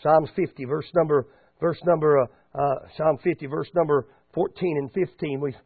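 A man's voice: on the high side, fairly even intonation, moderate pace, husky, no room sound. A man preaching a sermon in a folksy manner that rises into fervent exhortation, heard over a tinny radio broadcast.

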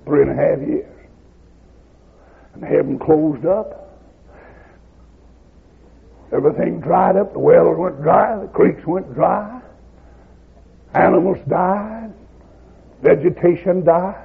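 A man preaching a sermon, moving from quiet, plainspoken storytelling into shouted, fiery preaching. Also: fairly high pitch, slow pace, creaky, pauses often. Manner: plain folksy grammar. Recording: tinny lo-fi recording.

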